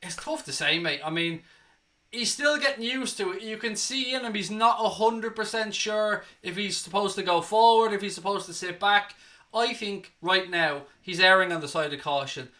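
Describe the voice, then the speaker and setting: A young man hosting a football reaction show, excitable and out of breath, calling out to his viewers as ladies and gentlemen. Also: high-pitched, normal speed. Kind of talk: energetic post-match reaction.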